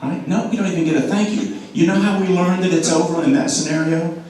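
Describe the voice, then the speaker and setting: A man giving an animated sales talk to an audience, throwing questions at the room and acting out quotes. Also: a little high, fast. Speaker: speaker at a club meeting. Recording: echoey room, mic from a distance.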